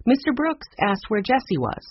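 A man narrating a children's chapter book aloud with expressive, even storytelling. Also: very high voice, moderate pace, slight background noise. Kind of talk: audiobook narration. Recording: dull muffled recording.

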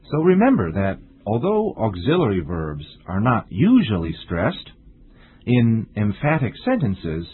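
A man teaching an English lesson in a slow, deliberate, strongly stressed scripted delivery, with a husky voice. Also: on the low side, huge pitch swings, dry recording. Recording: tinny lo-fi dry recording.

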